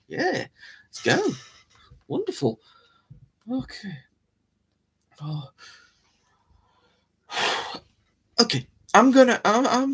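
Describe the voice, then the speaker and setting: A man's voice: fairly high pitch, a bit bright, breathy edge. A man hosting a live show, talking in a rambling, chatty, self-mocking way. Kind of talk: casual live-stream chat.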